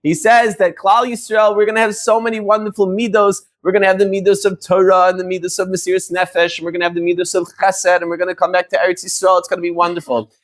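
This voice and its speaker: A man with a high voice gives a Torah lesson as a rabbi. He explains in an easy, talky way, often restarting his phrases and using Hebrew terms in Ashkenazi pronunciation. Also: little pitch movement, fast talker, few pauses, fairly bright tone. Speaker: rabbi teaching a Torah class.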